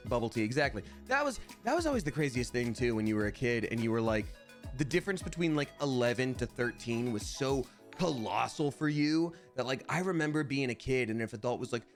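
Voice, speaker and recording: A man's voice: mid-range voice, sing-song, brisk, soft background music. A man streaming live, chatting casually in a playful, rambling way and reading viewers' names aloud. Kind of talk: casual livestream chat.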